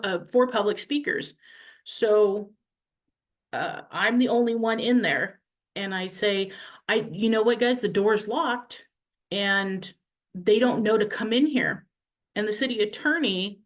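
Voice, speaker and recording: A councilwoman recapping events to her viewers, animated, acting out the people she quotes. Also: mid-range voice. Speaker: city councilwoman.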